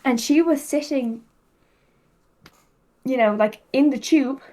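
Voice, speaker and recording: A woman's voice: high-pitched, slow, warm tone, poor audio. A woman from England with an English accent tinged with Irish, chatting casually as a podcast guest, rambling with many fillers and laughing easily. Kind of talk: casual chat.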